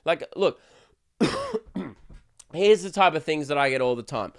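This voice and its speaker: A man's voice: on the high side, lively intonation, normal speed, clean tone. Swearing Australian man ranting on a podcast. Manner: swearing, sarcastic, shouts for effect. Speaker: podcast host and comedian. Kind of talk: casual solo podcast rant.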